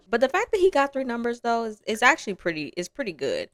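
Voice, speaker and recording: A young woman giving casual, playful commentary on her own game, chatty and quick to laugh. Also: on the high side, big pitch swings, crowd noise. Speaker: gaming vlogger.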